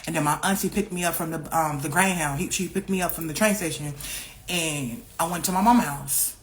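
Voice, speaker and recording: A woman's voice: low-pitched, fairly quick, a little hiss or hum. A woman telling a personal story in a casual, slang-heavy, profane way. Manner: acts out other people's lines in raised voices.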